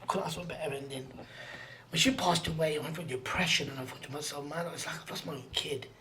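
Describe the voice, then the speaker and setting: A man telling a personal story as a podcast guest, earnest and slangy. He repeats phrases for emphasis and often drops to a hushed near-whisper. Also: fairly high pitch, steady tone, fast, slight background noise.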